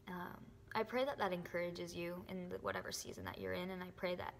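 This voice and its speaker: A young woman gives an earnest, emotional faith testimony to camera, often dropping to a soft whisper. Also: lowish voice, expressive, normal speed, slight background noise. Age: young adult. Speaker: faith vlogger. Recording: echoey room with long reverb.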